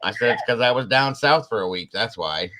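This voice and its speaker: A man hosting a casual live-stream chat, relaxed and rambling, often pausing on "um" and laughing. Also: mid-range voice, poor audio. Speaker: host.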